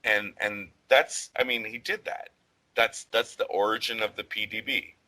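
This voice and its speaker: A man's voice: on the low side, fairly even intonation, normal speed, sharp tone, low-quality recording. A man co-hosting a podcast, talking in a rambling, casual way with lots of fillers and the odd swear word. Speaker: podcast co-host.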